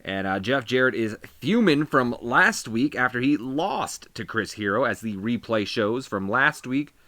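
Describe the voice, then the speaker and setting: Chatty man with a lively, bright voice. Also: medium pitch, a little slow, no room sound. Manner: chatty, rambling asides. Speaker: gaming video host. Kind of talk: casual game playthrough commentary.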